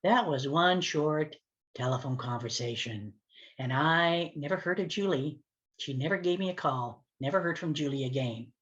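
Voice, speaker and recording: Animated storytelling woman, slightly dull sound. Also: normal speed. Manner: animated storytelling with big pitch swings. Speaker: speaker and communication coach. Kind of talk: storytelling talk to camera.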